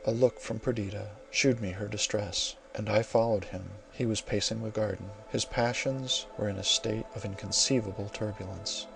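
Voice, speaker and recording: A male narrator reads a classic novel in a measured, formal storytelling manner. His voice sits low, with a gravelly texture. Faint music plays under the reading. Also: fairly even intonation. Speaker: audiobook narrator.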